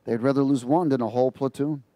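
A man preaching an informal sermon on a psalm in an animated, mocking way, laughing at his own asides. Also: mid-range voice, fast talker, no room sound.

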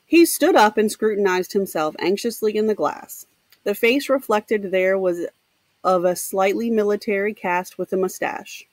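A woman teacher reading a novel aloud for her students, pausing to explain with casual asides. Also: medium pitch, dry recording. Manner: pauses to explain to students, with fillers. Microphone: home computer mic.

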